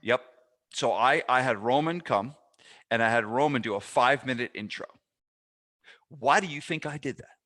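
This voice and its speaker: A man hosting a podcast, telling stories in a casual, animated way, often restarting his sentences. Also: medium pitch, moderate pace, long pauses. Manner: animated storytelling with frequent restarts. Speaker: podcast host and fitness business mentor.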